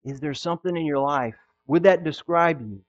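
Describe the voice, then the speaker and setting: A pastor preaching a sermon, acting out quoted voices and swinging between loud exclamations and hushed asides. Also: male voice, a little high, moderate pace, highs cut off.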